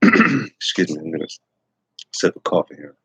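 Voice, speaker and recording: Rambling middle-aged man, low husky voice. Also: wildly swooping pitch, moderate pace, fairly bright tone, dry recording, poor audio. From Texas. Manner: rambling, many fillers and restarts. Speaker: livestream host. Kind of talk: casual morning livestream chat.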